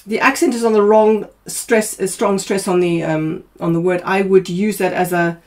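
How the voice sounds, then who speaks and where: A woman coaching opera singers in a masterclass, probing and quick, humming snippets of the music as she talks. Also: medium pitch, fairly even intonation, darkish tone. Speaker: vocal coach.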